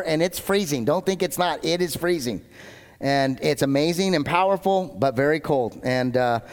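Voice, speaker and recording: A man's voice: fairly high pitch, big-room sound. A man preaching a casual sermon from a church stage, rambling and self-deprecating as he jumps between tangents. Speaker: pastor.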